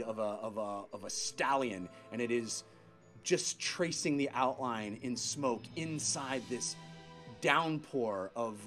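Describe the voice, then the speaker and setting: A man running a tabletop game as game master, giving vivid, descriptive narration full of small restarts. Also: medium pitch.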